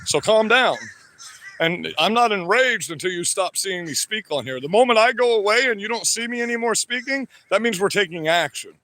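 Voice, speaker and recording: A man's voice: sits high, lively intonation, normal speed, pushed and bright. A man delivering an angry, profane, confrontational rant straight to the camera. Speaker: political vlogger.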